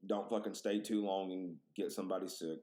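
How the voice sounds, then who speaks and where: Low-voiced man telling profane stories. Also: brisk. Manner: animated, profane, exaggerated storytelling. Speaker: podcast host. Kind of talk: casual storytelling chat.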